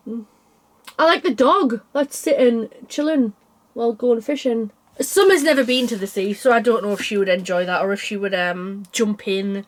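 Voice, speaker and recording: A young woman chatting casually about cross stitch designs, tired and yawning, rambling with small laughs. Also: fairly high pitch. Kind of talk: casual chat.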